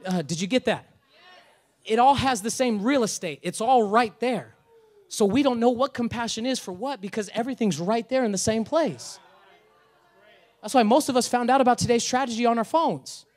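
A man with a notably high voice delivers a sermon as a pastor. He preaches casually and energetically, mixing humor and slang into his message. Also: moderate pace.

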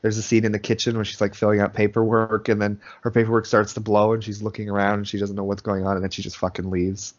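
A man's voice: fairly low pitch, completely flat delivery, fast talker, hardly any pauses. A man co-hosting a podcast, chatting casually and a bit hesitantly about a horror film. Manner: laid-back, hesitant, brief replies. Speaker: podcast co-host. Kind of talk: casual movie review chat. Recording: dull lo-fi podcast audio.

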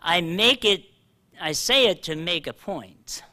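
Older guy preaching, high voice, real bright and forceful, jokes around then reads scripture slow. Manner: animated, self-deprecating, reads scripture slowly. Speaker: pastor. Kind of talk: sermon. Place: church hall.

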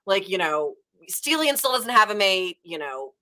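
Woman, Southern American accent, from Nashville, bright voice, mid pitch, rambling book club chat, lots of fillers. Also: normal speed. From Nashville, Tennessee, USA. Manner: rambling, animated retelling with many fillers. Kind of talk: casual chat.

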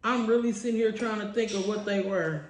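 A woman's voice: mid-range voice, fairly quick, reverberant, slight background noise. A young woman hosting a casual eating chat, slangy and playful, talking between bites. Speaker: channel host.

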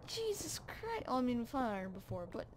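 A woman hosting a survival game let's play, excitable and quick to shout and laugh at her finds. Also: a little high, slight background noise. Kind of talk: gameplay commentary.

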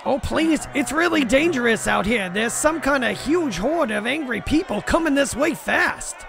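A man's voice: very high-pitched, expressive, moderate pace, gravelly, fairly bright tone, full character voice. A man voicing a flustered, pleading young adventurer in a game-world drama.

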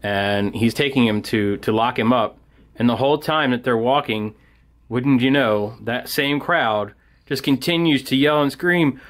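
A man's voice: mid-range voice, a little slow. A man teaching children a Bible story at a felt board, talking straight to the boys and girls and acting out the parts as he goes. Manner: animated storyteller, acts out soldiers and crowd.

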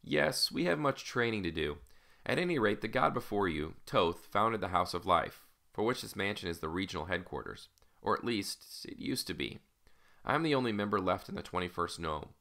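A patient, formal older uncle, speaking in measured tones, as an audiobook reader puts him on. The voice sits low with a gravelly edge and a bright, forward tone. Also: male voice, animated, exaggerated voice. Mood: explaining. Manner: patient, formal, gently guarded. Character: calm, measured older male mentor, an uncle. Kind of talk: audiobook character voice.

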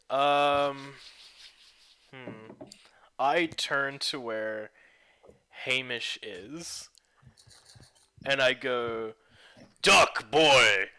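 A man playing a tabletop game, speaking very slowly and unsurely and often trailing off. His voice is bright and forward. Faint noise and clicks sit under it. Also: medium pitch. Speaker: player. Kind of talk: casual game talk.

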